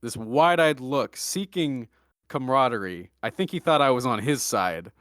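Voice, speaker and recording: A young man hosting a podcast, telling a story in a deadpan, joking way with mock-serious asides. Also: medium pitch, moderate pace, no room sound, clean studio sound. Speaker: podcast host. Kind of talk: casual storytelling chat.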